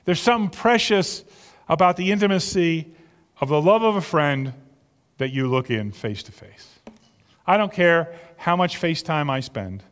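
Male pastor, slightly high voice, earnest chatty sermon delivery, long hall reverb. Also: lively intonation, moderate pace, fairly bright tone. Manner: earnest, conversational preaching with repeated words.

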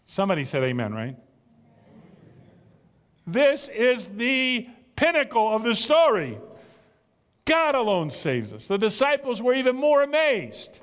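A male pastor preaching a sermon with drama, dropping to a hush and then building loud. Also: very high-pitched, wildly swooping pitch, a little slow, pauses often. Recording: long reverb of a large hall.

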